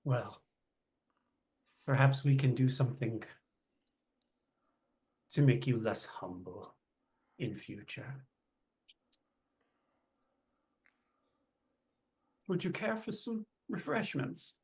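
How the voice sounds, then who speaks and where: A man's voice: medium pitch, animated, slow pace, pauses often, a little mellow. A man voicing a vain, theatrical dandy who speaks with a royal we, pompous and grandly condescending. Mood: gracious.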